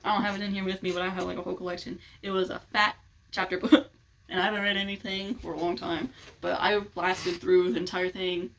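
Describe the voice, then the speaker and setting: A woman's voice: fairly low pitch, flat delivery, fast talker, poor audio. A young woman in casual chat to the camera, giggling often as she rambles and gushes. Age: young adult. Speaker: vlogger.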